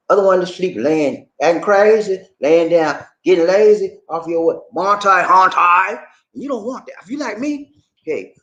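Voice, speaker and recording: A man hosting his own show, talking casually and playfully to his viewers, repeating and rhyming his phrases and asking them to answer back. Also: high-pitched. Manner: animated, playful, call-and-response with viewers. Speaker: show host. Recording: echoey room.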